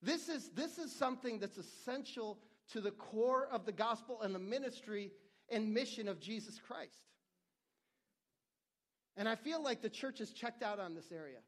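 A man pastor delivers his sermon in a noticeably high voice. He speaks earnestly and conversationally, repeating and restarting phrases as he works through his point. He sounds middle-aged. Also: expressive, moderate pace.

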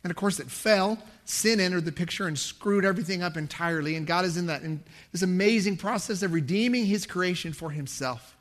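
A man with a high voice preaches a Bible passage in an easygoing, conversational sermon. He pokes fun at himself and lifts his voice to stress a point. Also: brisk, few pauses, fairly bright tone. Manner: conversational, self-deprecating, rises in pitch for emphasis. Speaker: pastor.

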